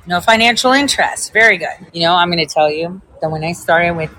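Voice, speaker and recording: A woman's voice: lowish voice, fairly quick, bright, forceful tone, no room sound, poor audio. A woman hosting a casual livestream, talking to viewers in a chatty, rambling way and swearing freely. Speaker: livestream host reading viewer comments.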